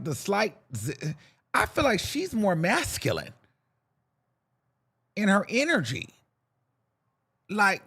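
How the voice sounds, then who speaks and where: A young man hosts a podcast, chattering to himself with sassy, campy celebrity gossip and plenty of campy slang. His voice sits a little high with a breathy edge, and his delivery is animated.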